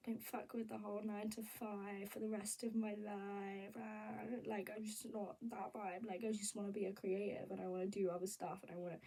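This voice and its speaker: A young woman vlogging in a candid, rambling, animated casual chat. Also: mid-range voice, breathy edge, distant mic, low-quality recording. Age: young adult.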